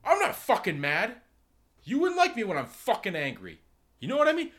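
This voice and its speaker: A man's voice: high-pitched, huge pitch swings, fairly quick, voice pushed up, exaggerated voice. A man doing a furious, swearing customer. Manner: shouting, swearing. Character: furious yelling male customer, denies being angry.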